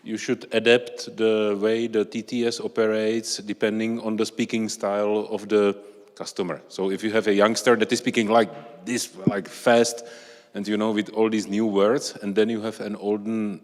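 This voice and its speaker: A man moderating a lecture session, asking the speaker a measured, explanatory question. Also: fairly low pitch, flat delivery. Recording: lecture hall with long reverb.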